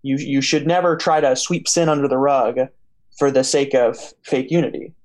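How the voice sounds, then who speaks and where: A young man hosting a faith podcast, speaking in a relaxed, conversational way. He wanders through his story with a lot of "um"s and restarts, at a middling pitch. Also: normal speed. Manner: rambling storyteller with many fillers and restarts. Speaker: podcast host. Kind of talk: casual chat.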